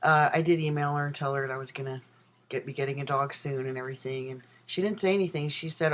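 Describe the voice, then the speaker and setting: A man's voice: mid-range voice, fairly even intonation, fast, fairly bright tone, rough recording. A transgender man chatting in a casual video diary from his apartment, rambling with many ums and self-corrections. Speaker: vlogger. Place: own apartment.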